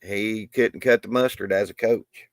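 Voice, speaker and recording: Folksy man, low dry voice. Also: fairly even intonation, unhurried, no echo. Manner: rambling, restarts often, folksy. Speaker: livestream host. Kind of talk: casual live stream talk.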